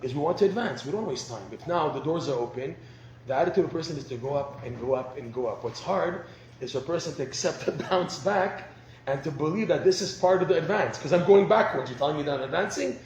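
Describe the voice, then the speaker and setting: Male teacher, lively and expressive, slightly high voice, roomy echo. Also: fast. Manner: animated, acts out dialogue, laughs often. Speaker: rabbi teaching a class. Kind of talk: lecture on marriage. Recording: roomy echo, faint background noise.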